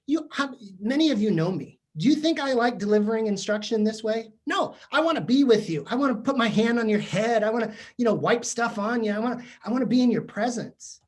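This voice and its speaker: A man's voice: very high-pitched, expressive, fairly quick, hardly any pauses. A man giving a humorous, chatty professional development talk to teachers, joking and poking fun at himself. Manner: jokey, chatty, self-mocking. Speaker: keynote speaker to teachers. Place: virtual session from home or office.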